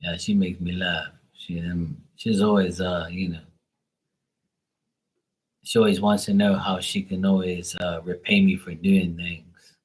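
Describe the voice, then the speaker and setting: With poor audio, a deep, measured voice with little pitch variation belongs to a tarot reader running a livestream. He chats casually and profanely, rambling to his viewers and his dog.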